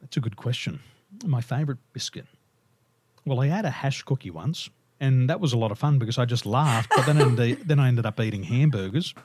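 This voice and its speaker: An Australian man, a guest on an interview, telling lively stories and laughing through them. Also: mid-range voice, brisk, slight background noise. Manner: animated, laughs through his own stories. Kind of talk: casual storytelling interview.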